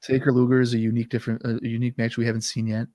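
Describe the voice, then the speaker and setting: A man's voice: medium pitch, level tone, rapid-fire, mellow, no echo. A man co-hosting a podcast in casual chat, talking loosely and trailing off at the ends of sentences, his throat catching. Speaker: podcast co-host. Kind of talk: casual chat recapping wrestling.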